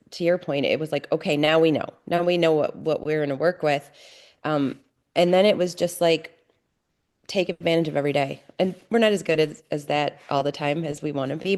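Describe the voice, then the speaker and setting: On a podcast, a middle-aged guest speaks frankly about her family in a low voice. Her telling is heartfelt but halting, with frequent restarts.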